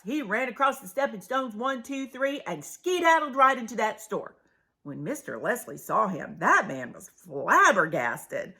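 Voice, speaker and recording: A woman reading a children's picture book aloud, expressive, with hushed asides to her listeners. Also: medium pitch, normal speed. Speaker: storybook reader.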